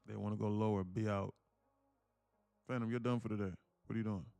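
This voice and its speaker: A man hosting a live day-trading stream, preaching emphatically and repeating himself as he pitches memberships. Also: fairly even intonation, fairly quick, vocal fry, dark tone, no echo, faint music behind. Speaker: day-trading livestream host.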